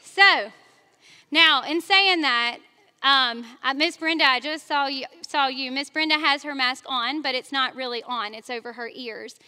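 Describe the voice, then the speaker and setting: Bright, high-voiced woman preaching. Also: unhurried. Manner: chatty storytelling, talks straight to the congregation, laughs at herself. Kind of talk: sermon. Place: church sanctuary. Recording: long reverb of a large church hall.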